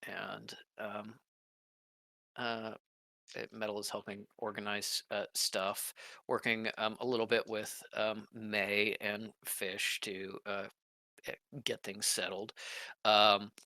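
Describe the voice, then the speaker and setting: A man narrating a tabletop game as game master, halting, with many fillers. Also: lowish voice, flat delivery, vocal fry, pushed and bright, dry recording.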